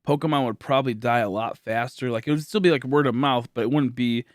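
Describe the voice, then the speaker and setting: A man's voice: mid-range voice, fast talker, no room sound, clean studio sound. A tired young man from Michigan chatting casually on a livestream, rambling with lots of fillers and restarts. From Michigan, USA. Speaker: livestream host.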